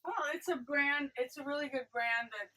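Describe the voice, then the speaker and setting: A woman's voice: high voice, moderate pace, distant mic, crowd noise, poor audio. A woman chef chatting casually while demonstrating a dish in a food truck kitchen. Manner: chatty, explaining as she cooks. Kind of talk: cooking demonstration.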